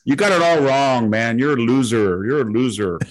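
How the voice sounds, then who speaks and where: A man's voice: medium pitch, animated, moderate pace, close to an everyday voice, low-quality recording. A man voicing a brash young woman with a Valley Girl accent, pushy and mocking, tagging lines with "man". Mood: taunting. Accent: Valley Girl Californian.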